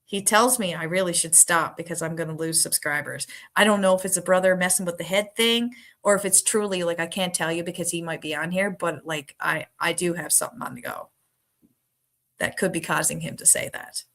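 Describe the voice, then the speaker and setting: Bright-voiced, chatty woman hosting trivia. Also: on the low side, expressive. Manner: chatty, reads out options slowly, laughs often. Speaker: live trivia host. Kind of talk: casual live-stream chat.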